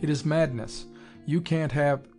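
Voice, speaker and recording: A man's voice: a little high, unhurried, darkish tone, faint music behind, lightly acted. A man voicing a stern army major who speaks in clipped, formal refusals. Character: stern older male army major, officious.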